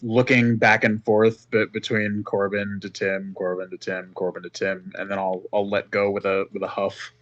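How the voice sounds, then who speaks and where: A man's voice: fairly low pitch, little pitch movement, normal speed, few pauses, fairly bright tone, muffled recording. A man playing in a tabletop game, talking in a laid-back, joking way, swearing and stumbling over his words. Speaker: player. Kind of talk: casual tabletop play.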